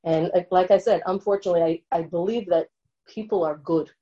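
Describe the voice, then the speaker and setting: A woman's voice: on the low side, brisk, mellow, dull audio. A woman lecturing and answering an audience question in an earnest way, often checking in with her listeners.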